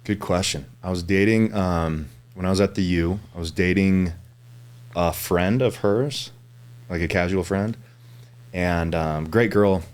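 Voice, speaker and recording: Low-voiced laid-back dude hosting a podcast, lots of yeahs and uh-huhs. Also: male voice, a little slow, clean tone. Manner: easygoing, with frequent agreeing backchannels. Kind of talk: casual chat.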